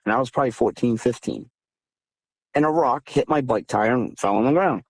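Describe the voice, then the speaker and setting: A man in his thirties from southeastern Massachusetts, a guest recounting encounters over a phone call in an animated, emphatic way that climbs higher when he gets heated. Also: a little fast, no echo. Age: 30s. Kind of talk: casual storytelling interview.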